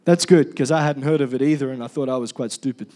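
A man preaching a sermon as pastor, animated and calling on the congregation to respond. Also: mid-range voice, fast talker.

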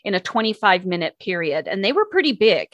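A woman, a traffic and news radio reporter, telling stories with lively enthusiasm in a casual interview. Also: mid-range voice, a little fast, no room sound, highs cut off. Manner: animated, enthusiastic storyteller.

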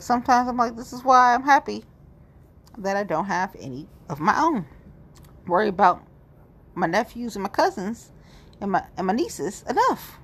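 A woman in her forties giving a rambling, blunt and profane monologue to camera. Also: mid-range voice. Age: 40s. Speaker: vlogger. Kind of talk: candid monologue.

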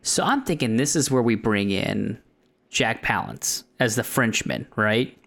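Dude excitedly pitching goofy plot ideas, voice jumps all over. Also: male voice, a little slow, gravelly. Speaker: podcast co-host. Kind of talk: casual comedic movie discussion.

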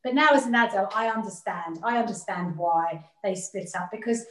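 As an interview guest, a woman reflects earnestly on her family, often repeating words while gathering her thoughts. Her voice is medium-pitched and a bit bright at a normal speed, with a roomy echo on the recording.

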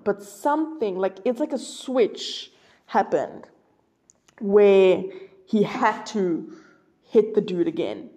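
A woman's voice: mid-range voice, mellow, lo-fi sound. A woman hosting a casual solo podcast, rambling and gushing with lots of fillers and restarts. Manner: gushing, emphatic. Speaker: podcast host.

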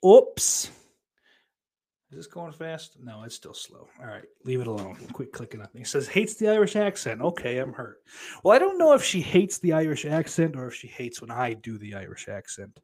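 Guy streamer reading chat, swears a lot, rambles, mid-pitch voice. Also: big pitch swings, moderate pace, darkish tone, husky. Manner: profane, rambling, self-deprecating. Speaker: livestream host reading chat. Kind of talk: casual livestream chat.

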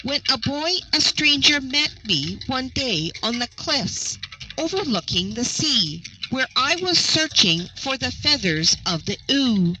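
A woman reading the lines of a gentle, sorrowful young male giant in a slow, ponderous storybook tone. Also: high voice, sing-song, noisy background. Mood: mournful. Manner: ponderous but not unpleasant tone.

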